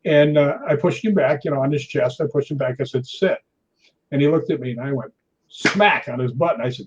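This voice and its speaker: A man, a guest on a chat show, telling an animated story and tagging his sentences with "right?". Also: medium pitch, brisk, breathy edge, muffled recording.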